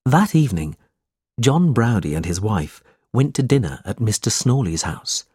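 A man's voice: lowish voice, very animated, normal speed, a little mellow, slightly rough, no echo, studio quality. A man reading a simplified story aloud as narrator.

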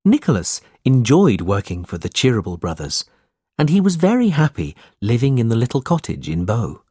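A man narrating a storybook chapter in a measured, deliberate reading. His pitch moves in a lively, expressive way over a husky tone. The recording is close and dry. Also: no echo. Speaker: audiobook narrator.

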